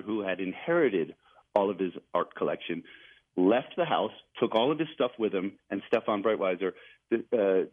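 A man, an author and journalist, talking as a guest in a radio interview, telling his story eagerly and chuckling now and then. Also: low-pitched. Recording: tinny phone line.

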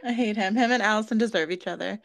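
A woman's voice: mid-range voice, fast talker, gravelly, no echo, low-quality recording. Emphatic, laughing woman co-host. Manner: emphatic, laughing, repeats phrases for effect. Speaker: podcast co-host. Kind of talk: casual chat.

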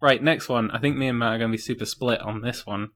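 A man's voice: medium pitch, fairly even intonation, fast, fairly bright tone. Laughing man rambling through a film review. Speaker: podcast co-host. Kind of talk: casual film review chat.

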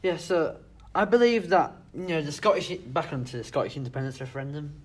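Husky teasing British man. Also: a little high, expressive. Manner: teasing, halting with fillers. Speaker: podcast co-host. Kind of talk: casual political discussion.

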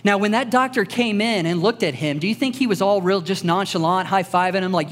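A man's voice: high voice, fairly quick, hardly any pauses, in a large hall. A man preaching a conversational sermon to a congregation, telling personal stories and repeating points with earnest emphasis. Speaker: pastor. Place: church service before a congregation.

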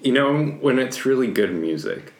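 A man's voice: medium pitch, lively intonation, moderate pace. A man co-hosting a podcast, making dry, wry comments in casual chat. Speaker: podcast co-host. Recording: roomy echo.

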